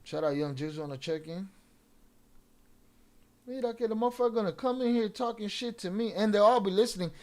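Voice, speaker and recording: A young man on a livestream lashes out at his commenters, profane and confrontational, with Spanish slang mixed in. He speaks in a high pitch, fairly quickly, pausing often.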